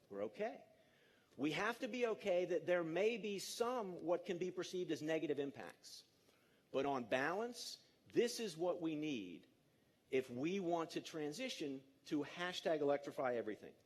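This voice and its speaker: A man in his fifties giving a lively, jokey conference talk to an audience in a large auditorium, coaxing the crowd along. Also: a little high. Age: 50s. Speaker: speaker.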